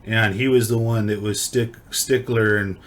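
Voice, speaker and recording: A man's voice: on the low side, fairly even intonation, normal speed, a little hiss or hum. A man, telling a personal story in a loose, rambling way, full of slang and swearing. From California. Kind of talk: casual storytelling.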